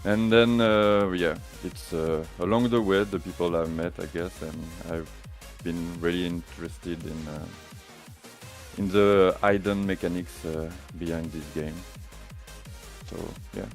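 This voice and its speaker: French guy cohosting a game podcast, real deep voice, lots of uh's, faint music behind. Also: fairly even intonation, measured pace. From France. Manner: hesitant, many fillers, non-native grammar. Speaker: podcast co-host. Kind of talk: casual podcast chat.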